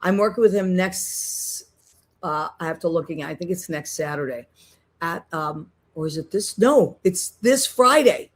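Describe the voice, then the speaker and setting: A woman's voice: deep voice, moderate pace. Chatty woman podcast host. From Boston, USA. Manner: chatty, rambling with many restarts. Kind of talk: casual chat.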